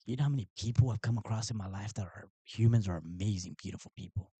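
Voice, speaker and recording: Low, dark-voiced man streaming live. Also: fast, breathy edge, dry recording. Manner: mocking, sarcastic, rambling. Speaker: livestream host. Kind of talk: casual live-stream commentary.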